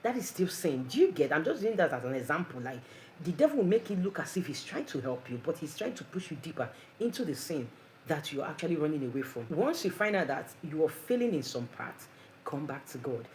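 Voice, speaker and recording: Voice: medium pitch, big pitch swings, brisk, a little mellow, slight background noise, rough recording. An earnest preacher gives a conversational devotional talk full of rhetorical questions.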